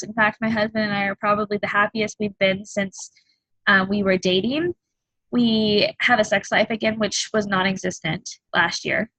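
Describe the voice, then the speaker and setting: Candid bright-voiced woman in her thirties. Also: medium pitch, no echo, poor audio. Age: 30s. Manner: candid and earnest, halting with frequent ums. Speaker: fitness coach. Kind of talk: personal testimony on a group call.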